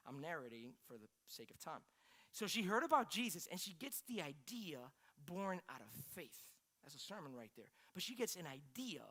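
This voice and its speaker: A male pastor giving a sermon in a casual, conversational way, questioning and animated. His voice is bright and forward, and it rises and falls in loudness as he tells the story. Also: a little high.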